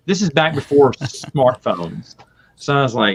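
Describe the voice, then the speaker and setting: A man chatting casually as a podcast guest, telling lively stories and laughing often. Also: medium pitch, a little fast. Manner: lively storytelling with frequent laughs. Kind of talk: casual chat. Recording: muffled lo-fi audio.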